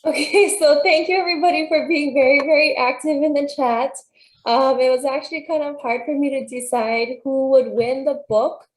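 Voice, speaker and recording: A woman moderating a webinar in a friendly, brisk way. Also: sits high, fairly even intonation. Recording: echoey room.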